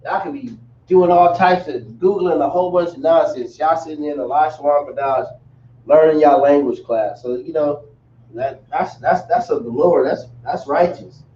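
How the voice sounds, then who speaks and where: A man's voice: a little high, normal speed, dark tone, reverberant, highs cut off, slight background noise. A man teaching a language class in a casual, repetitive way, calling his students y'all, recorded from a distant mic in a room.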